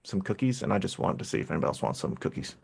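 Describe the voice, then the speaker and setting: A man voicing a cheerful, eager male halfling officer who talks in a quick, friendly rush. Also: low-pitched, sing-song, vocal fry, slightly rough, pitched below the performer's own voice, heavily acted.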